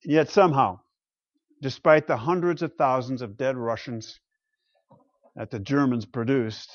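A man preaching a sermon slowly and deliberately, reading scripture and telling history with dramatic pauses. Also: medium pitch, dry recording, muffled recording. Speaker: pastor.

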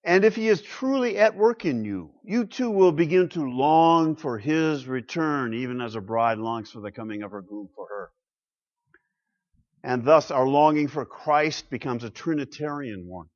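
Pastor preaching; man with a fairly high voice, dramatic shifts between loud and hushed, muffled recording. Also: animated, moderate pace. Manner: rhetorical questions, swings from loud to hushed. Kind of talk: sermon. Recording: muffled lo-fi sound.

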